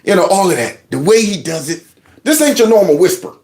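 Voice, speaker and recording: A middle-aged man hosting a reaction commentary show, mocking clips in a casual, animated way. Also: sits high, brisk.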